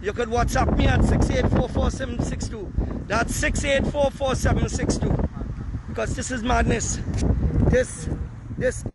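A man's voice: extremely high pitch, fairly even intonation, normal speed. A Trinidadian man making an impassioned, blunt appeal outdoors while handing out food to a crowd. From Trinidad and Tobago. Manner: ranting, pleading, blunt. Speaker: community food distributor. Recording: wind and traffic noise outdoors.

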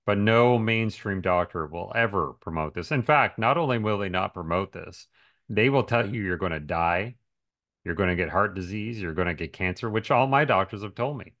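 A man's voice: on the low side, animated, moderate pace, a bit bright. A man in casual podcast conversation, talking emphatically and asking rhetorical questions. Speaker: podcast speaker on diet and health.

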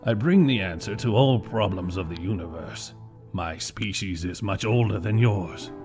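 A man puts on a calm, grand alien jellyfish envoy for this storybook tale. It speaks stiffly and formally, with an odd accent. The voice sits low, and faint music runs underneath. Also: moderate pace, lightly acted.

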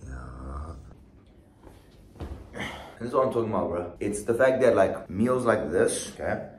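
A man's voice: fairly low pitch, brisk. A young man vlogging in a casual, mumbly drawl with slang, talking to a phone camera in an apartment. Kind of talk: casual vlog chat. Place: indoors, apartment. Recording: echoey room, faint noise.

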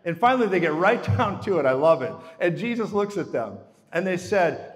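A man preaching a sermon in an animated storytelling manner, swinging between hushed asides and loud acted-out lines. His voice sits a little high for a man, and the sound rings in a long hall reverb. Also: normal speed, few pauses. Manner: animated storytelling, acts out dialogue with shifts in loudness.

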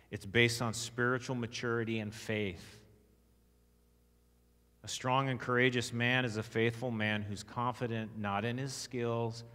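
A man's voice: lowish voice, a bit bright. A man with a Texan accent giving a sermon-style teaching, emphatic, asking the audience questions and reading scripture aloud. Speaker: conference speaker. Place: church hall. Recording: long echo of a church hall.

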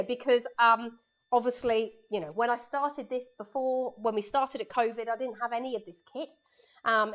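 A woman's voice: high-pitched, a bit bright. A woman art teacher giving a live painting lesson for children in her studio, chatting and explaining each step as she draws, speaking into a lapel mic.

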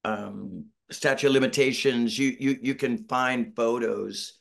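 A man's voice: medium pitch, steady tone, a little slow, vocal fry. Rambling middle-aged man on a video call. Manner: rambling storyteller, acts out quotes, self-deprecating. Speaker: band member, interview guest. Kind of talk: casual video-call interview. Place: home, Northern California.

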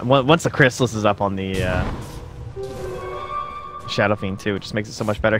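A man casting a live video game match, casual and analytical, with slang and quick asides. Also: fairly low pitch, fairly bright tone. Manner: fast, casual analytical caster talk with slang. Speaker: esports caster.

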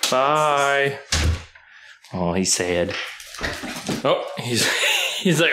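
A man making a casual home vlog at night, playfully scolding his dog and jumping into a high sing-song voice. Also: animated, drawn-out words, pauses often. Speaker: vlogger. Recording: echoey room, voice far from the mic, faint noise.

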